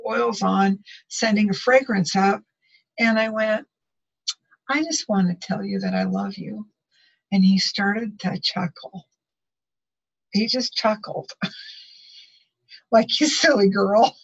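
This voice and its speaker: A woman sharing a spiritual testimony, telling her story with lively acted-out dialogue. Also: mid-range voice, vocal fry. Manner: animated storytelling, acts out dialogue. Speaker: prayer group member. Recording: muffled lo-fi audio.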